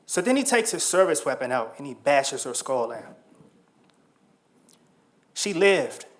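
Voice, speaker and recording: A man in his thirties from Washington, D.C., giving a motivational talk as a story, in slow, measured phrases that often drop to a soft, quiet tone. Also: a little high, big pitch swings. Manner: measured, slow storytelling with dramatic pauses and soft, dropped lines. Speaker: speaker.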